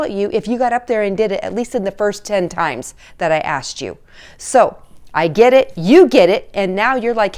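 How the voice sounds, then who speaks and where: A woman's voice: medium pitch, lively intonation, normal speed. A woman who works as a teen relationship coach, giving casual, chatty advice straight to the camera and checking in with parents with "all right?" and "okay?".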